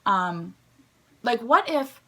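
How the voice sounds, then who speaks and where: A young woman telling a story from her school days in a chatty vlog style, full of "like" and quick asides. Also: on the high side. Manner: chatty, animated, heavy use of "like". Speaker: vlogger. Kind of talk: casual storytime.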